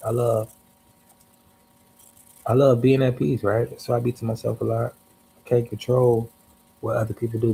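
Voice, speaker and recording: A man's voice: medium pitch, vocal fry, dark tone, a little hiss or hum, rough recording. Slangy, profane male livestreamer telling a story. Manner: loose, slangy, profane, restarts and asides. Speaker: livestream host.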